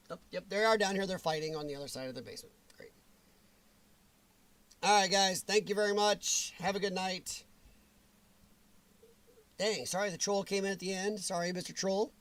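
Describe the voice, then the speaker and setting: A man's voice: high voice, moderate pace, long pauses, a bit bright. A man hosting a livestream in casual chat, greeting viewers by name and laughing often, his voice strained and weakened. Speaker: livestream host.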